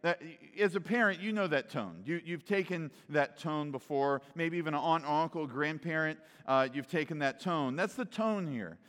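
A man preaches in a relaxed, conversational teaching voice, pitched a little above the usual male range. He keeps asking "right?" and stumbles over repeated words as he gets going. His voice rings with the long reverb of a large hall. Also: normal speed, hardly any pauses. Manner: conversational, often asks "right?", repeats words as he starts sentences. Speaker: pastor. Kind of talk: teaching sermon.

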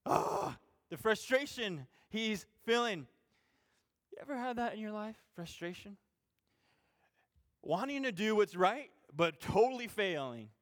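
A man with a high voice delivers an informal sermon as a youth pastor. He is animated, building to loud peaks and then falling to soft, self-mocking asides. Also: unhurried. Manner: animated, swings between loud emphasis and quiet asides.

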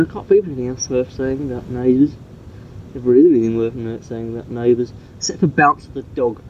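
A man talks his way through a homemade cassette message, rambling and padding with fillers. The sound is dull and muffled, with a light hiss under it. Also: medium pitch. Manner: rambling, chatty, with many fillers. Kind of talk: recorded cassette tape message.

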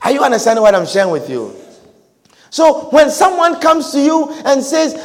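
Fervent high-voiced male preacher. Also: huge pitch swings, normal speed. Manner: fervent, repeats phrases for emphasis, at times shouting. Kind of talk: sermon. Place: church. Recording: long reverb of a large hall.

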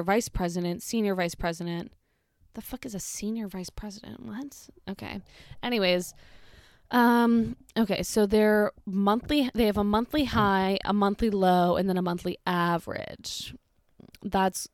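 A woman's voice: mid-range voice, a little mellow, no echo, clean studio sound. A woman giving casual, sarcastic commentary, blunt and swearing now and then. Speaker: social media commentator.

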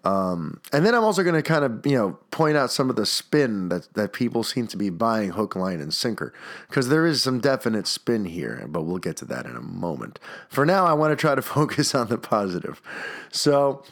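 A man's voice: on the low side, sing-song, moderate pace. A man with a stuffed-up nose hosting a solo podcast, talking in a rambling, enthusiastic way with many restarts. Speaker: podcast host.

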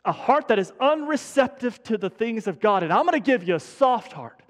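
A male pastor with a high voice delivers a conversational sermon and drives home his points by repeating them. His voice carries a long reverb from the church hall. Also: big pitch swings, normal speed. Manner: conversational preaching with emphatic repetition.

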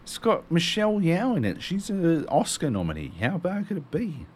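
Animated, swearing man. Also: on the high side, moderate pace, husky. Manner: animated, swearing, incredulous rants. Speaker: podcast co-host. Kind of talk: casual chat.

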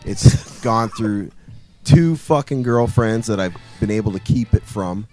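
A man's voice: lowish voice, measured pace, mellow, soft background music. A man co-hosting a casual podcast, telling a story bluntly and crudely, acting out what people said. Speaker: podcast co-host.

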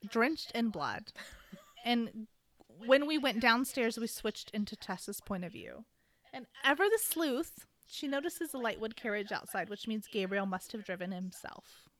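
A woman's voice: on the high side, fairly bright tone. A woman casually recapping a book on a podcast, playfully acting out characters' lines with sarcasm and the odd swear word. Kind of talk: casual chat.

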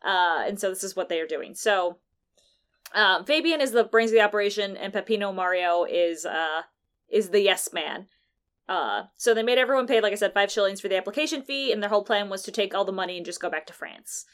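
A woman's voice: mid-range voice, expressive, fairly quick, a bit bright, clean tone. A woman chatting casually with a friend, recapping a game story, laughing easily. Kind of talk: casual chat about a video game.

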